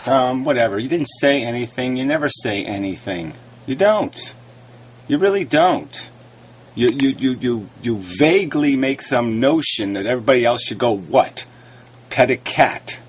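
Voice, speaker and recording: A man's voice: mid-range voice, lively intonation, moderate pace, slight background noise. A man ranting into his camera, frustrated and argumentative, raising his voice and swearing as he rebuts a critic. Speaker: video blogger replying to critics. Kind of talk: argumentative video rant.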